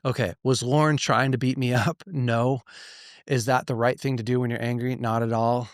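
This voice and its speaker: A man's voice: medium pitch, level tone, normal speed, dry recording. Earnest man teaching, dry close sound. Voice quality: voice that can sound choked, as if near tears. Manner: earnest and emphatic, rhetorical questions, frequent restarts. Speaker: pastor and podcast host. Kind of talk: direct-to-listener podcast teaching.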